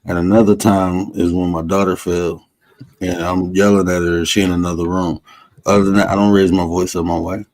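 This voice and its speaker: Deep-voiced man talking bluntly. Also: flat delivery, brisk, a little mellow, dry recording, low-quality recording. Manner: emphatic, blunt, slangy. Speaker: podcast co-host. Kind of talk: casual podcast chat.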